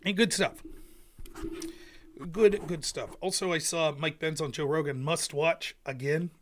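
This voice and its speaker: A man from rural Pennsylvania hosting a political livestream, sarcastic and animated, rambling through his commentary. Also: fairly high pitch, unhurried. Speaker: livestream host.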